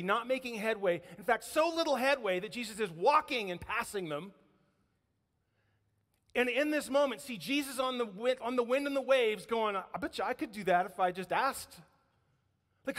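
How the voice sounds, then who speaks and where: A man with a fairly high voice preaches in a church. He tells the story with lively energy and puts on voices for the quotes. A long reverb from the hall trails behind his words. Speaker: pastor. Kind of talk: sermon. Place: church sanctuary.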